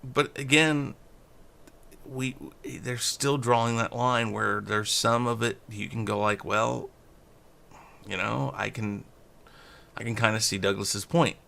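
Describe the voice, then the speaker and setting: A man's voice: medium pitch, fairly even intonation, slow, creaky, long pauses, bright, forceful tone. A man co-hosting a movie review show, retelling scenes casually and acting out the characters' lines. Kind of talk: casual film discussion.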